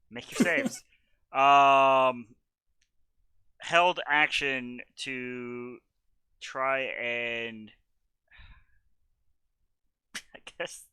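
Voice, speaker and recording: A tabletop game player reacting with lively jokes and quick quips. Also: medium pitch, smooth, dry recording.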